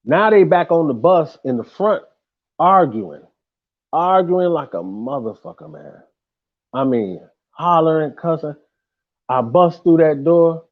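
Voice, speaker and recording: A man telling a tour story in a casual, animated way, full of slang and swearing, who sometimes shouts out the lines he quotes. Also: a little high, unhurried, pauses often, dull audio.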